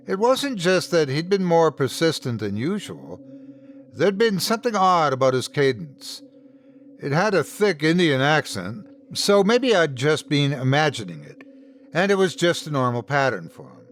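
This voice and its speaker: Expressive male horror story narrator. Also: a little high, normal speed, slight background noise. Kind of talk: scripted first-person horror narration.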